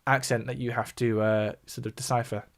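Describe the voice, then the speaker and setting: A man's voice: medium pitch, flat delivery, a little fast. A man from the south of England with a southern English accent, chatting casually on a livestream, explaining things and responding to viewer chat. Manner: explanatory, reacts to viewer chat between points. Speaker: music YouTuber hosting a livestream.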